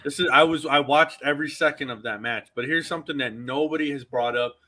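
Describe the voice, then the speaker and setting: A wrestling podcast co-host talks fast with a fairly high pitch and a sharp tone. In casual wrestling chat, he rants emphatically and repeats himself to drive his point home.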